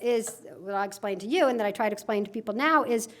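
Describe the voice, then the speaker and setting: A middle-aged woman giving a lively, sarcastic talk at a conference, laughing at her own jokes. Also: on the high side, fast talker. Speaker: conference speaker. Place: conference hall.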